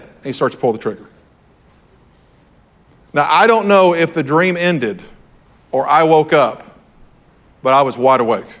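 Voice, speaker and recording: A man's voice: on the high side, a bit bright. A man preaching to a room, telling a personal story in an earnest, storytelling way and repeating his key phrases. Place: church hall with audience.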